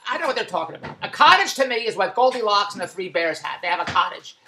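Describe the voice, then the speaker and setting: A man delivering an exasperated comic rant to the camera, loud and full of rhetorical questions. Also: high voice, animated, fast talker, pauses often, noisy background. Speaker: vlogger. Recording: echoey room.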